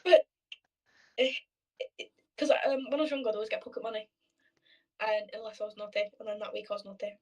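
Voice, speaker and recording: A woman's voice: medium pitch, fast, long pauses, recorded from a distance, poor audio. A young woman in casual chat on a video call, telling stories freely with swearing and acted-out quotes. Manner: chatty storyteller, swears freely, acts out quoted voices.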